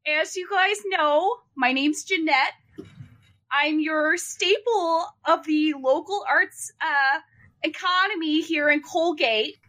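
A woman voicing a friendly middle-aged local arts woman in a Minnesotan accent, speaking slowly and hesitantly. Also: sits high, pushed and bright, exaggerated voice. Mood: homey.

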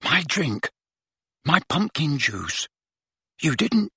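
A man's voice: medium pitch, expressive, moderate pace, bright, forceful tone, breathy edge, no room sound. A man voicing a glum, moody teenage boy.

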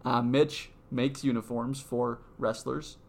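A man's voice: mid-range voice, steady tone, slow, creaky, darkish tone. A man co-hosting a casual sports podcast, joking and bantering with friends. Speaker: podcast co-host. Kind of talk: casual chat.

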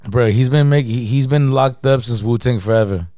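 A man's voice: medium pitch, moderate pace, warm tone, dry recording. A man in casual, slangy chat, rambling and throwing in "bro" often.

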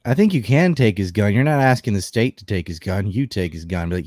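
A man's voice: on the low side, expressive, fairly quick, a little mellow, no echo, clean studio sound. A man in casual chat, asking skeptical questions.

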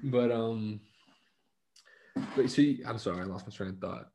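A man in casual chat, chatty and quick with follow-up questions. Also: on the low side, warm tone, slight background noise. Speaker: podcast co-host.

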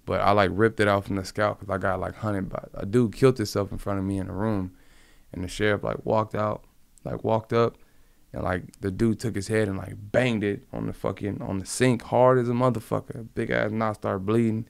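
Man, from Compton, interviewee, rambling, profane, slangy, gravelly voice. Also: on the low side, flat delivery, a little fast, no echo. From Compton, California. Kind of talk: casual conversational storytelling.

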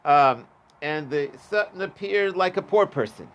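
A man's voice: high voice, lively intonation, unhurried, fairly bright tone. A man teaching a Talmud class, reading the Aramaic and translating it in a casual, chatty way. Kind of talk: daf yomi Talmud class.

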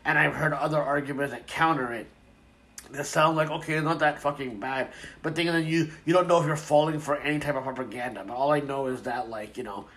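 A man's voice: on the high side, fairly even intonation, fairly quick, fairly bright tone. Rambling, profane man ranting casually. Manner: rambling, profane, many fillers and restarts.

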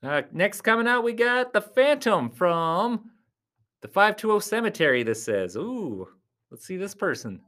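A vlogger giving casual play-by-play commentary at a live event, chatty and laughing often. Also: a little slow. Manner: chatty, laughs often, lively swings in pitch. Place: at a live arm-wrestling event.

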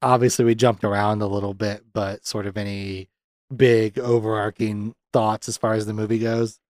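A man hosting a casual podcast film review, animated, often jumping into high-pitched voices to act out characters' lines and laughing a lot. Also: moderate pace, no room sound, studio quality. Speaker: podcast host.

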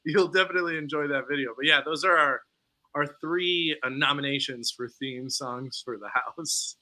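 A man's voice: a little high, normal speed, bright, forceful tone. A man co-hosting a podcast, chatting casually and laughing often. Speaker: podcast co-host. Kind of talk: casual chat.

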